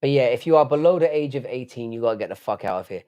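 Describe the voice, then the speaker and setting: Man, 30s, stream host. Blunt, profane, casual chat reading viewer comments. Middle pitch. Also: expressive, very fast, mellow, clear, resonant tone, lo-fi sound. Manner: blunt, swears a lot, reads chat aloud. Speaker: livestream host.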